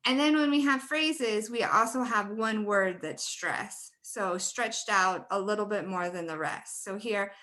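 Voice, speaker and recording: Bright-voiced woman leading a webinar. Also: mid-range voice, unhurried, hardly any pauses. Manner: friendly, laughs often, demonstrates word stress. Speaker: teacher trainer. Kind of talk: webinar presentation.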